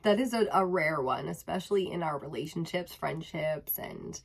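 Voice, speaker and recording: A woman's voice: sits low, moderate pace, creaky, few pauses, breathy edge. A woman tarot reader chatting casually to her viewers, slightly out of breath, calling them her loves. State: a little out of breath. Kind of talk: casual spiritual chat to camera.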